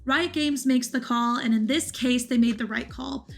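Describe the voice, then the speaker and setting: High-voiced woman narrating gaming clips. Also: normal speed, gravelly, faint music behind. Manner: earnest, cautionary. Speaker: gaming video host. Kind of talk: voice-over commentary on gameplay clips.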